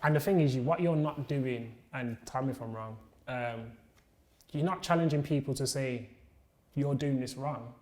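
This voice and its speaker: A man's voice: mid-range voice, normal speed, a little mellow. A man with a mid-range voice hosts a casual podcast interview. He speaks in an encouraging way and keeps up frequent listening murmurs while his guest talks. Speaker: podcast host.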